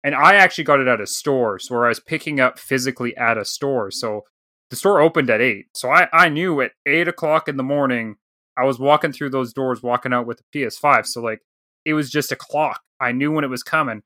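Guy in his 30s chatting on a podcast, bright crisp voice, dry close sound, tells stories and plays out the back-and-forth. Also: medium pitch, brisk, no echo. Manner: animated storyteller, acts out quoted dialogue. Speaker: podcast co-host. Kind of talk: casual chat, storytelling.

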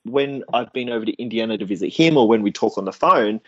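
A man's voice: lowish voice, animated, fast, fairly bright tone, breathy edge, highs cut off. An Australian man from Queensland, a podcast host in casual chat, chatty and self-mocking.

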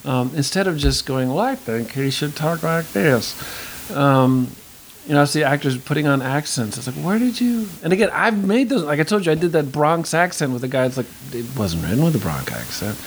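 A man's voice: on the high side, lively intonation, fairly quick, slight background noise, poor audio. A man in his fifties, an actor, talking casually in an interview, rambling with lots of restarts and asides. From United States. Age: 50s. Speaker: actor guest.

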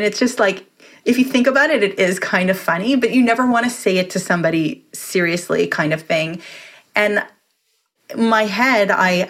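A woman's voice: on the low side, fairly bright tone. A woman in her forties, a podcast guest, talking earnestly in casual conversation and giving advice with frequent restarts.

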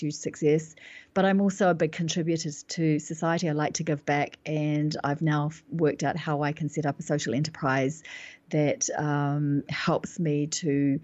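Low-voiced New Zealand woman. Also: level tone, normal speed, a little mellow, dry recording, muffled recording. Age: 40s. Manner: reflective, self-assured, with frequent fillers and restarts. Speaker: guest, business consultant. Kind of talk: interview storytelling.

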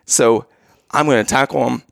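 A young man co-hosting a casual chat, telling a story in a lively, animated way and acting out his own yells. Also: mid-range voice, moderate pace, gravelly, no echo, studio quality.

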